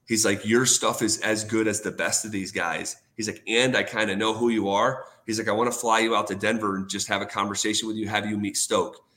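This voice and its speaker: A man's voice: lowish voice, level tone, a little fast, few pauses, pushed and bright. A man in a casual interview, retelling a career story with lots of quoted dialogue, fillers and restarts. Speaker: sports radio host, guest.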